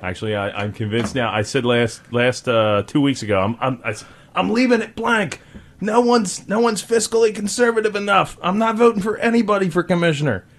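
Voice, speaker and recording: A man's voice: high-pitched, animated, fairly quick, a little hiss or hum. A man hosting a call-in radio talk show, chatting casually and joking with guests, mocking others in raised voices.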